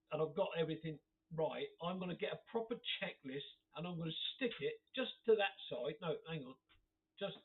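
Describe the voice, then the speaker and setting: A man chatting casually to viewers on a live stream, laughing often as he reads out comments. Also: fairly high pitch. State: occasional cough. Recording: tinny phone-like audio.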